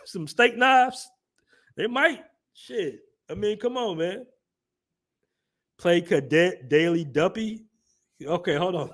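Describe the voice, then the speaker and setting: A man's voice: high voice, animated, slow pace, long pauses. A man hosting a casual livestream, reading chat comments aloud and laughing through his commentary. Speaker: livestream host.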